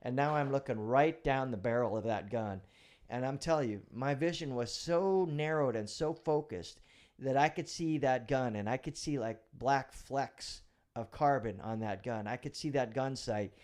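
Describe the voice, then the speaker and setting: A man's voice: medium pitch, normal speed, a little mellow. A middle-aged man, a retired police officer, telling a vivid personal story as a guest in a casual interview, now and then swearing.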